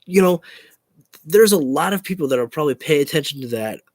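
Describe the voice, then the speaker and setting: A man's voice: on the high side, animated, a little fast, no room sound. Frustrated man ranting, swearing freely. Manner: frustrated, swearing, repeating himself. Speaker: wrestling YouTuber. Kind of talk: casual opinion rant to camera.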